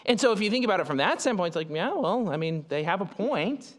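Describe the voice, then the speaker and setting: A man gives a sermon in a relaxed, conversational way, stopping to restart phrases and adding fillers as he explains. His voice sits a bit high for a man, and a long reverb from a church hall trails after each phrase. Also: fast. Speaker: pastor.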